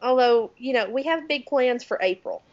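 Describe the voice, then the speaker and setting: A woman's voice: high voice, dry recording, highs cut off. A woman of around thirty with a Southern US accent, co-hosting a podcast in casual, chatty conversation. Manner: chatty, talks louder and faster when excited. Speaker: podcast co-host. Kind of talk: casual chat.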